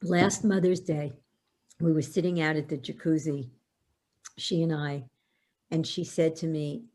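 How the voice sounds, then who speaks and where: An older woman, a podcast guest, telling family stories with lively acted-out quotes. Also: low voice, a little slow. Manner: animated storyteller, acts out quotes. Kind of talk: storytelling in a podcast interview.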